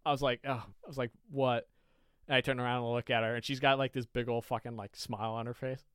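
A man co-hosting a podcast, telling an animated story in casual chat with many quoted asides. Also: mid-range voice, quick pace, smooth, dry recording, clean studio sound. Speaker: podcast co-host.

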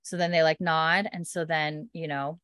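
A woman's voice: sits low, little pitch movement, moderate pace, fairly bright tone, clean tone, dry recording. A woman in casual chat, animatedly retelling scenes from a show and acting out the characters' lines, with plenty of fillers. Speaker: podcast co-host recapping a TV episode.

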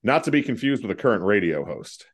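A man's voice: on the low side, sing-song, quick pace. A man hosting a casual trivia podcast, joking around and swearing now and then. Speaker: quiz host.

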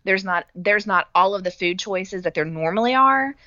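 A woman's voice: mid-range voice, animated, normal speed, sharp tone, no echo, highs cut off. A middle-aged woman telling stories in a casual chat, with sarcastic asides. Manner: chatty storytelling, sarcastic asides.

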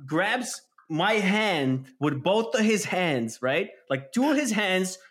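A man telling an animated, casual story, full of fillers and swearing. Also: sits high, slow pace. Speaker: storyteller guest. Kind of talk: casual chat.

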